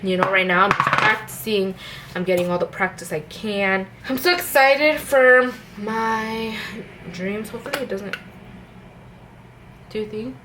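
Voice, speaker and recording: A woman's voice: mid-range voice, unhurried, noisy background. A young woman, a stay-at-home mom, chatting in a rambling way with many fillers and restarts while she does her makeup at home. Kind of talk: casual get-ready-with-me chat. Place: at home, indoors.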